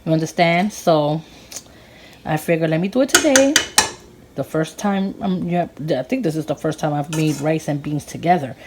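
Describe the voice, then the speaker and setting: Woman, 30s, from Puerto Rico, lowish voice; relaxed kitchen vlogger, laughs a lot while tasting. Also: normal speed, very noisy. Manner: excitable, laughs often, talks while tasting. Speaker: cooking channel host. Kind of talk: casual cooking vlog chat.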